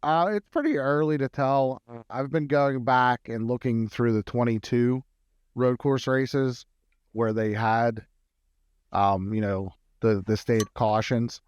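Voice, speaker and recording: A man co-hosting a sports betting podcast, working through numbers in an analytical, halting way. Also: mid-range voice, steady tone, clear, resonant tone, dry recording. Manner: analytical, many fillers and restarts. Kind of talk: casual sports betting chat.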